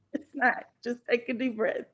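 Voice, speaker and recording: A woman's voice: on the high side, fairly even intonation, a little slow, fairly bright tone, lo-fi sound, slight background noise. A woman giving a casual motivational talk at a wellness conference, chatty and down to earth, sometimes acting out anxious voices. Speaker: conference speaker.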